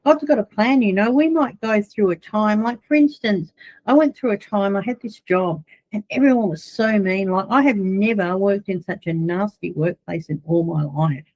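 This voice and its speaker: A woman's voice: mid-range voice, normal speed, a little mellow, lo-fi sound. A woman giving an informal video sermon to her church, telling personal stories in a chatty way. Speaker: church minister.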